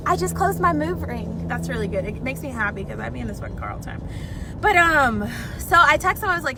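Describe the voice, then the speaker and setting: A woman's voice: high-pitched, big pitch swings, fairly quick. A young woman rambling and venting with lots of swearing as she talks on a live stream from her car. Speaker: vlogger. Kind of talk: casual live-stream chat while driving. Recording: phone audio with loud car noise. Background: road and traffic noise.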